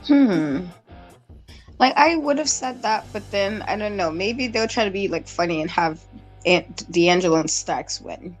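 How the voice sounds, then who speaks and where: A woman guest on a wrestling chat show, talking on her phone in a relaxed, hesitant way. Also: medium pitch, measured pace, faint music behind, low-quality recording. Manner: relaxed, hesitant, speaks in likes. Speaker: guest panelist. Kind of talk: casual wrestling prediction chat.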